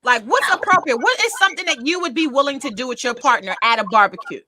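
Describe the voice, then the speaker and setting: A woman's voice: sits high, fast talker, no echo. A woman co-hosting a casual chat show, telling family stories and acting out her relatives' voices. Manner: animated storyteller, acts out relatives' voices. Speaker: co-host.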